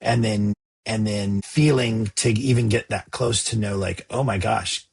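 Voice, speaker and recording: A middle-aged man hosting a podcast, talking in a halting, reflective and sympathetic way. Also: fairly low pitch, steady tone, creaky, darkish tone, slightly rough. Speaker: podcast host. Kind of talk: podcast conversation.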